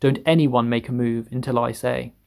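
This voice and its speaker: A man voicing a jumpy, fearful fire chief who screams and snaps, with a gravelly voice. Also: mid-range voice, fairly even intonation, moderate pace, close to an everyday voice. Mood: panicky.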